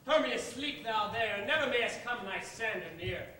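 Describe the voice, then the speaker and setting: A man's voice: sits high, lively intonation, moderate pace, noisy background. A man playing a young, impetuous Athenian nobleman, earnestly declaiming verse on a stage. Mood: ardent. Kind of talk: stage play performance. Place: theater stage. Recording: echoey stage from far off.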